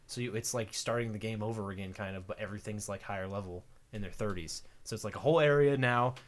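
A man's voice: on the low side, fast. A man chatting casually as a podcast co-host, acting out quoted voices and laughing often. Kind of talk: casual chat.

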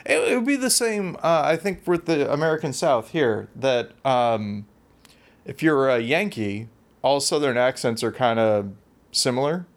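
Man, podcast co-host, casual chat, rambling storyteller, self-deprecating, mid-pitched voice. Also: a little slow.

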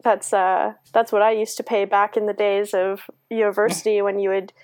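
A woman's voice: mid-range voice, flat delivery, normal speed, no echo. A Canadian woman co-hosting a podcast while sick, chatting casually and rambling off on giggly tangents. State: sick, congested. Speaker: podcast co-host. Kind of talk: casual chat.

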